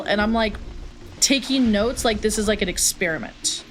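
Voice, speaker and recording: A woman's voice: on the high side, moderate pace, faint music behind. A young woman streaming a retro game, chatting casually, joking and answering chat. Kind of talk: casual live-stream chat while playing.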